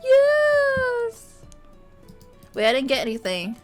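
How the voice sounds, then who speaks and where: A woman streamer reading a romance game aloud, animated and playful, often breaking off to joke with her viewers. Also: mid-range voice, moderate pace, music in the background. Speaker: VTuber streamer.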